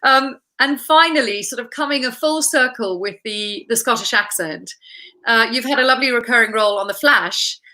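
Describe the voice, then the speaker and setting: A woman's voice: on the high side, normal speed, bright, forceful tone, low-quality recording. A woman hosting an interview, talking effusively and full of compliments. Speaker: host, interviewer. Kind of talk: interview chat.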